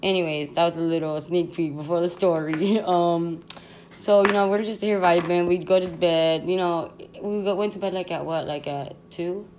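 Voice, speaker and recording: A woman's voice: fairly low pitch, steady tone, moderate pace, background noise. A young woman hosting a podcast, telling a rambling storytime at home in a casual, slangy way with frequent laughs. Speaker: podcast host. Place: her home.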